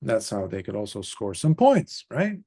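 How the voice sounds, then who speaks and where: A man's voice: lowish voice, very animated, moderate pace, gravelly, mellow, breathy edge. A man, a Buddhist monk, telling a story in a conversational dharma talk with casual asides.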